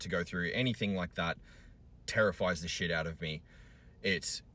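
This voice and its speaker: Deep-voiced Australian man venting. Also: bright, forceful tone. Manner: angry, venting, swearing often. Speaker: single father vlogger. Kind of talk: emotional vlog rant.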